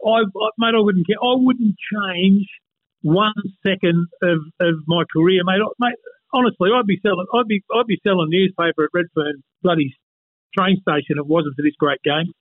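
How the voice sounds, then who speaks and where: A man's voice: sits high, normal speed, no room sound. Blunt Australian man on a tinny line. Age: 50s. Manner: blunt and emphatic, keeps saying mate. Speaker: guest, former rugby league player. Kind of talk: casual interview chat.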